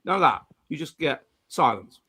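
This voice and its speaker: A middle-aged English man hosting a casual live-stream chat, animated, with frequent restarts and playful mimicry. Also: on the high side, moderate pace, husky, soft background music. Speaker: host.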